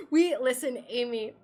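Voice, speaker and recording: A woman chatting casually with her live-stream viewers while she crafts stained glass, playful and quick to laugh. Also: high-pitched. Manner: chatty and playful, laughs often, talks to chat.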